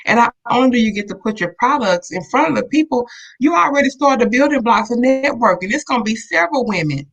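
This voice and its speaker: A woman's voice: on the high side, lively intonation, quick pace, fairly bright tone, low-quality recording. A woman co-host speaks in an upbeat, encouraging way during casual live promotional chat, talking straight to her viewers. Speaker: co-host of a live online show.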